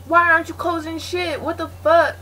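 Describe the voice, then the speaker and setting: A woman giving let's play commentary, frantic and swearing, yelling at game characters and dropping to a hushed mutter while hiding. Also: very high-pitched, little pitch movement, normal speed, slight background noise. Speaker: gaming channel host.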